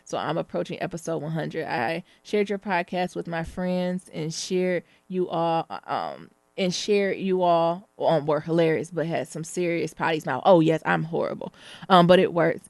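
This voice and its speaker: A woman with a somewhat low voice co-hosts a casual podcast, reading reviews and bantering with her partner. She is playful and loose, tossing in swear words. The recording is dry and close. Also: moderate pace, vocal fry, a little mellow, no echo. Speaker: podcast co-host.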